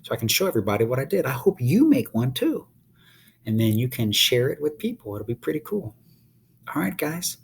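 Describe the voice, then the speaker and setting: A man teaching young children, sounding out letters slowly and asking them questions as he draws. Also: mid-range voice, sing-song, vocal fry, slight background noise. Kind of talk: slow children's phonics lesson while drawing.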